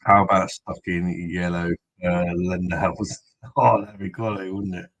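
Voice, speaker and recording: A man's voice: sits low, level tone, unhurried, fairly bright tone, no room sound, rough recording. A man from Kent, hosting a live stream and bantering with viewers in crude, jokey chatter. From Kent, England. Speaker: host of a beer review live stream. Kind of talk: casual live-stream chat.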